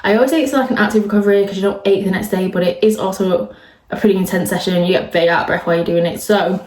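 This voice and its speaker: A woman's voice: mid-range voice, steady tone, very fast, a little mellow. Stuffy-voiced woman vlogging. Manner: chatty, rambling with fillers. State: stuffy with a cold and cough. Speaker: triathlete vlogger. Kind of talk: casual vlog chat. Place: at home indoors. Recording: roomy echo.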